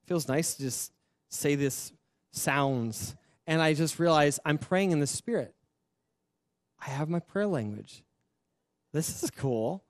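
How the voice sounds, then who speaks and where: A young adult man, a pastor, tells his personal testimony with earnest emotion, slipping into soft laughs as he goes. His voice sits a little high for a man. The sound is dry and close, with no room around it. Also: animated, takes it slowly, long pauses, dry recording.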